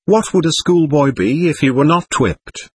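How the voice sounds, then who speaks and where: A man's voice: fairly high pitch, lively intonation, normal speed, slightly rough, voice pushed up. A man voicing a bold, cocky teenage schoolboy who talks in a lofty, mocking way. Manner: lofty, mocking and self-assured.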